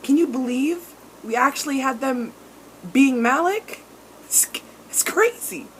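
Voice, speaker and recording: A young woman recapping a TV episode in a casual, animated and sweary way, acting out characters in mock voices. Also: high voice, unhurried, a little hiss or hum. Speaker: TV recap vlogger.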